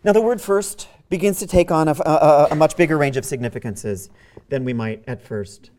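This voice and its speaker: A man's voice: fairly high pitch, brisk, darkish tone. A man giving a university literature lecture. He thinks aloud, often restarts and repeats words, and reads verse aloud while tapping out its meter with spoken beats.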